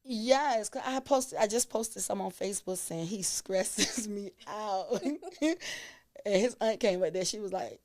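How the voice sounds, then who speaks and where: A woman's voice: medium pitch, lively intonation, unhurried, darkish tone. A woman, a guest on an interview show, telling stories animatedly and laughing often. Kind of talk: casual interview chat.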